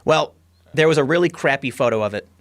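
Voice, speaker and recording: A man's voice: medium pitch, expressive, quick pace, gravelly, dry recording. A man chatting casually on a podcast in a studio, rambling and joking. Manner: rambling, jokey. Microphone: studio microphone.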